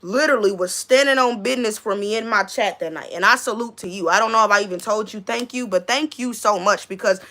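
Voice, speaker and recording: Bright, animated woman livestreaming. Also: mid-range voice, fast talker, few pauses. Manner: animated, slangy, laughs often. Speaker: livestream host; school staff member. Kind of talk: casual livestream chat reading comments.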